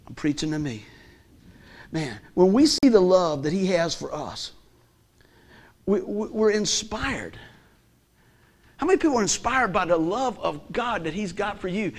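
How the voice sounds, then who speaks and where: A middle-aged man, a pastor preaching a sermon in a conversational, humorous way with call-and-response. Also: high voice.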